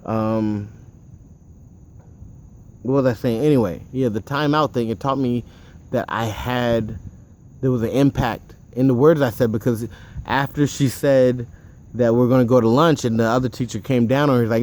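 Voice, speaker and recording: Man, mid-pitch, casual monologue host; rambling, digressive storyteller who wanders off on tangents and swears now and then. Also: fairly even intonation, normal speed, pauses often, darkish tone. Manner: rambling and digressive, with frequent asides; offhand, with occasional swearing.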